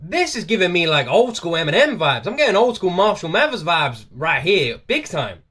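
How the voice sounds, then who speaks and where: A man's voice: high-pitched, very animated, moderate pace, bright, forceful tone, husky, faint music behind. A man from the UK hosting a reaction video, talking casually and enthusiastically to his viewers, often repeating himself. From United Kingdom.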